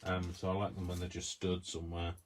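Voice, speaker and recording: A man's voice: low-pitched, monotone, a little fast, a little hiss or hum. A man hosting a crafting video, chatting in a rambling, self-deprecating way as he works. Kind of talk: casual chat while crafting.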